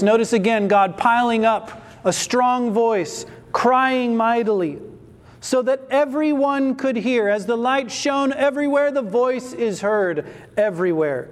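A man with a high voice preaches slowly and deliberately, leaning hard on repeated words and posing questions that he answers himself. His voice rings out through a long hall reverb, as in a church sanctuary. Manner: emphatic, rhetorical questions answered aloud. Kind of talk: expository scripture sermon.

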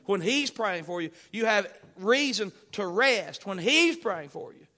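A male pastor preaches a sermon, quoting scripture in old-fashioned King James wording and repeating lines with swelling emphasis. His voice sits high, sounds pushed and bright, and moves a little slowly in a sing-song way.

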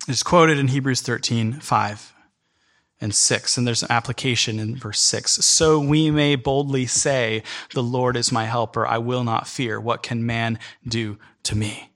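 A man preaching a sermon in an earnest, emphatic way, speeding up in bursts and then slowing down. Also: medium pitch, fairly even intonation, fairly bright tone. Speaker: pastor. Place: church in New York City.

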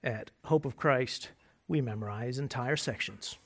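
A man preaching a sermon as pastor, conversational and joking, moving between quiet asides and loud emphasis. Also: medium pitch, unhurried, gravelly, breathy edge. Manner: conversational and self-deprecating humor.

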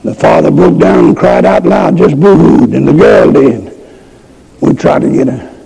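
An older man preaching a revival sermon and altar call, impassioned, moving from hushed storytelling to shouted pleas, with a raspy voice. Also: on the high side, animated, a little slow, poor audio.

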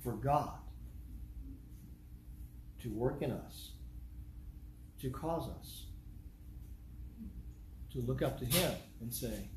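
A man's voice: medium pitch, very slow, pauses often. A man from the United States preaching a sermon in earnest, repeating his points in rhetorical lists. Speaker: pastor. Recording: echoey room, faint background noise.

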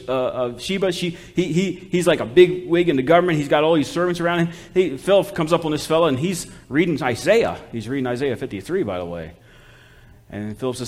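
A man's voice: on the high side, fast. Folksy, fervent male missionary preacher. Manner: folksy, exhortative, with audience call-and-response. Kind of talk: sermon.

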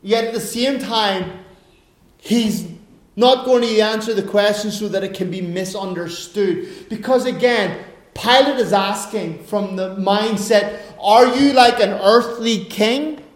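A man's voice: sits high, a little slow. A man preaching a sermon earnestly, asking rhetorical questions, recorded in an echoey room.

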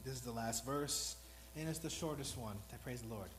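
A man's voice: medium pitch, normal speed, noisy background. A man preaching a sermon in an earnest, rambling, self-deprecating way, new to speaking before this congregation. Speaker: lay preacher.

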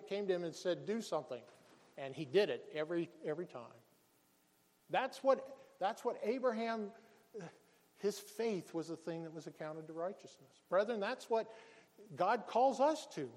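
High-voiced preaching man in a hall. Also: lively intonation, moderate pace, darkish tone. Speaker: pastor. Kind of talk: sermon.

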